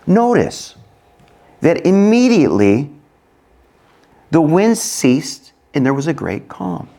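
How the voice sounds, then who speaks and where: A middle-aged man preaching a sermon in an expressive way, acting out voices in sudden loud, high bursts. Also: slow pace, vocal fry, pauses often. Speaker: pastor.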